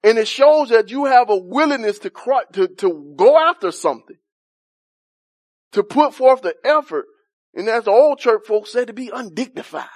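A man with a notably high voice leads a Bible study in a relaxed, colloquial preaching style. He builds his points by repeating phrases and drifting into personal stories. The sound is close and dry. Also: moderate pace, no echo. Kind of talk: conversational sermon.

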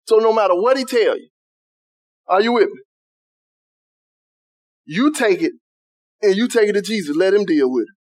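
A man with a notably high voice delivers a sermon as pastor. He checks in with the congregation as he goes and softens to act out quoted prayers. The sound is close and dry. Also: lively intonation, moderate pace, long pauses, no echo. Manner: call-and-response preaching, asks "are you with me?".

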